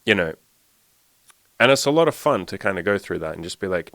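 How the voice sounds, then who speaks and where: Man, young adult, self-improvement coach, casual storytelling, filler-heavy rambling, low pitch, dry close sound. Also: fast talker, fairly bright tone, no room sound.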